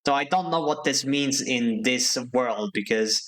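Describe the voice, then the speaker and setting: Guy streaming a game, just chatting w chat, thinking out loud, mid pitch. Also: measured pace. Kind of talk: casual live game commentary.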